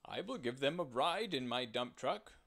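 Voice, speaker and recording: A man's voice: mid-range voice, lively intonation, moderate pace, fairly bright tone. A man voicing a kindly, happy truck driver in a storybook read-aloud, his voice lifting slightly. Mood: friendly.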